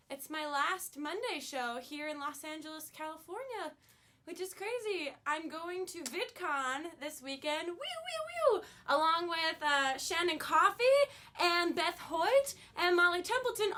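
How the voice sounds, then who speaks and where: A woman with a high, bright voice hosts a live web show from a studio. She chats casually and rambles in a goofy, self-mocking way. Her jokes come in quick asides. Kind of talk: casual live-stream chat.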